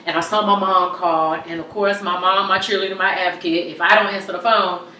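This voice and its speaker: A woman giving an emotional personal testimony in an interview, halting and tearful, her voice dropping very soft at times. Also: on the low side, fairly even intonation. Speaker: interview guest. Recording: roomy echo from far off, faint hum.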